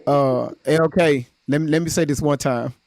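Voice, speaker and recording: Livestream co-host, mid-range voice, halting casual chat full of fillers. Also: medium pitch, fairly even intonation, a little mellow, no room sound, clean studio sound.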